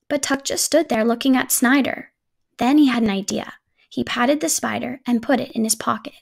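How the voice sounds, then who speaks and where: Woman, children's storybook read-aloud, gentle, slightly high, vocal fry. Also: moderate pace. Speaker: children's book reader.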